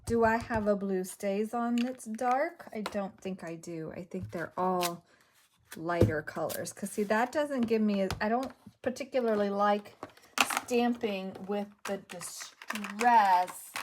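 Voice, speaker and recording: Slow, musing crafting woman. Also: mid-range voice, background noise. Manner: talks to herself while working, trailing off and muttering. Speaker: craft video host. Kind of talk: casual crafting commentary.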